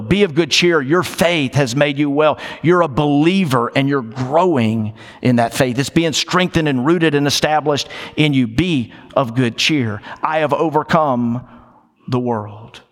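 A man with a slightly raised pitch delivers a sermon in a church sanctuary, where his voice rings out with a long reverb. He talks to the congregation conversationally, drawing out key lines for emphasis and slipping in lighthearted asides. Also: fairly bright tone. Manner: conversational preaching, slows for emphasis, playful asides. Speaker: pastor.

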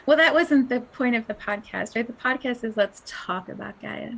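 A woman hosts a spiritual podcast in a dreamy, breathy voice, often dropping to near-whispers and breaking into laughter. Her voice sits a little high and carries a gravelly fry at the ends of phrases. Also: a little slow, fairly bright tone, slight background noise, low-quality recording. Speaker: podcast host.

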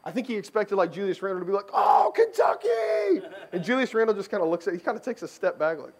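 Pastor, male, young adult; lively, higher-pitched voice, casual sermon storytelling with acted-out quotes. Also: racing. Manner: conversational, animated storytelling, acts out quoted voices.

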